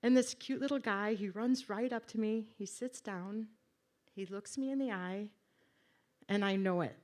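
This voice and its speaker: A woman tells a personal story to a live audience, speaking at a medium pitch. She is wry and conversational and makes fun of herself as she goes. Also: normal speed, a little mellow. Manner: wry, conversational, self-deprecating.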